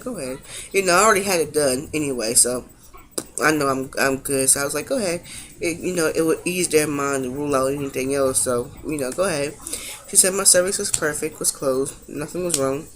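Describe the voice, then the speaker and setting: A woman's voice: low-pitched, slight background noise. Tired young woman telling a hospital story. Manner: chatty, recounting events with reenacted quotes; emotional, fighting back tears at times. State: tired, just woke from long sleep. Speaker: vlogger. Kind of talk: casual storytelling vlog.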